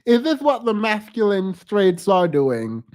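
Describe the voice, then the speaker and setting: A hoarse podcast host giving sassy, laughing commentary on a clip. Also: mid-range voice, sing-song, a little slow, a little mellow. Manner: sassy, exclamatory, laughs often. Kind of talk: casual reaction commentary.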